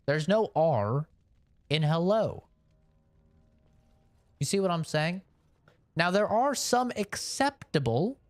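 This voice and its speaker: A man from Canada ranting on a live game stream, opinionated and animated, spelling words out letter by letter. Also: a little high, dry recording. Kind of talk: casual rant during a live game stream.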